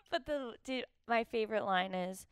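A woman's voice: fairly high pitch, expressive, a little slow, clear, resonant tone, no room sound, studio quality. A woman hosting a comedy podcast in casual chat, laughing often and slipping into sung bits. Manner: giggly, breaks into sung snippets. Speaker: podcast host.

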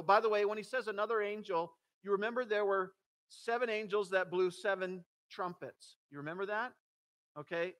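A man's voice: high voice, bright, forceful tone. A man, the pastor, preaching a sermon to his congregation, reading scripture aloud and breaking off to explain it emphatically. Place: church sanctuary.

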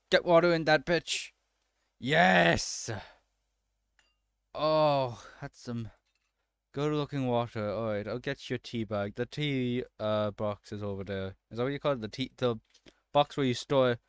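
A man's voice: mid-range voice, clean tone, no room sound, clean studio sound. A man doing let's-play commentary, swearing and breaking into frustrated outbursts at the game.

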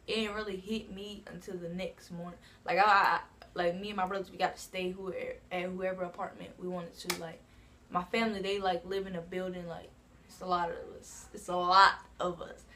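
A woman's voice: lowish voice, fairly bright tone, slight background noise. A woman from New Jersey telling a casual storytime on her own channel, rambling and filling her talk with asides like "you know what I'm saying". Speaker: vlogger.

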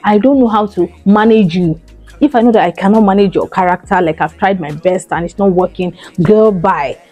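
A chatty woman talks straight to her viewers. Her voice is mellow and warm, and she leans hard on her points, repeating lines for emphasis. Soft music plays faintly behind her. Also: mid-range voice, normal speed, muffled recording. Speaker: vlogger. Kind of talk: casual talk to camera.

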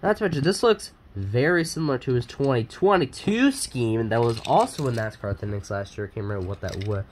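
A man's voice: mid-range voice, expressive, a little fast, slight background noise. Chatty man rambling through an unboxing. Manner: chatty and rambling, with many fillers and self-corrections. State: sniffly. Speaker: die-cast collector and YouTuber. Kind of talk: casual unboxing vlog.

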